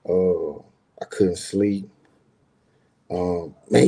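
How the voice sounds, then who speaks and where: The speaker is a middle-aged business owner with a lowish, mellow voice, fairly even intonation and a normal speed. He tells a personal story in a rambling, slangy, profane way, addressed straight to viewers, in a casual monologue.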